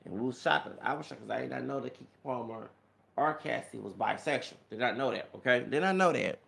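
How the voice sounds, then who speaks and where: A man's voice: mid-range voice, expressive, a little fast, gravelly, fairly bright tone. A man, talking to viewers in a rambling monologue full of fillers. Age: 30s. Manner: rambling, many fillers, addresses viewers as y'all. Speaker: vlogger.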